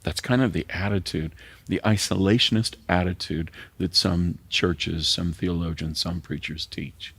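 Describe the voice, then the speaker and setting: A man's voice: deep voice, fairly even intonation, a little slow, fairly bright tone, slightly rough, no echo. A middle-aged man, a pastor preaching an earnest sermon that sometimes drops to a near whisper.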